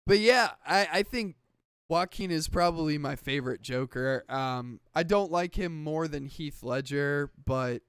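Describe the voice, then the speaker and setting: A podcast co-host with a clear, resonant voice on the high side speaks a little slowly, his tone a bit bright, in a dry, studio-quality recording. He tells stories in rambling, casual chat packed with filler words and swearing.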